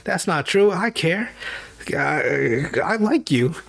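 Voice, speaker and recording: A man casually quoting a lovesick, shy teen boy in a soft, earnest way. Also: fairly high pitch, expressive, slow pace, gravelly, heavily acted.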